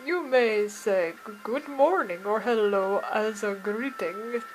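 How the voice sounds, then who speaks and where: A woman's voice: medium pitch, slow, music in the background, close to an everyday voice, low-quality recording. A woman voicing a jovial middle-aged male language teacher, theatrical and dropping foreign words, read aloud from a game. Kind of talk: reading game dialogue aloud.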